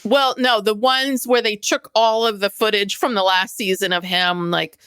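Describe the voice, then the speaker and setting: A woman co-hosting a podcast in casual chat, animated and acting out what others said. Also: medium pitch, moderate pace, clear, resonant tone, no room sound, clean studio sound. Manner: animated, acts out quotes of others. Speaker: podcast co-host.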